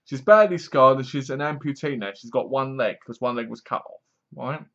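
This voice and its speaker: A man talks through a horror film review in a loose, rambling way. He is frank and sometimes trips over his words. His middle-pitched voice comes through a slightly muffled, lo-fi recording. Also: moderate pace, fairly bright tone. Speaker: movie reviewer. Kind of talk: casual spoken review.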